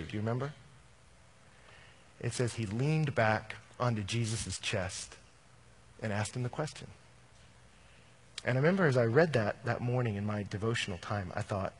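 Husky-voiced male preacher. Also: mid-range voice. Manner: animated preacher, swings from loud bursts to hushed earnest lines. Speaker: pastor. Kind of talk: sermon.

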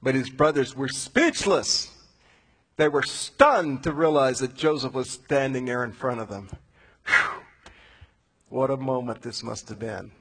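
A man preaching a sermon, retelling a Bible story in a casual, animated way with slangy asides. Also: mid-range voice, measured pace, breathy edge, poor audio.

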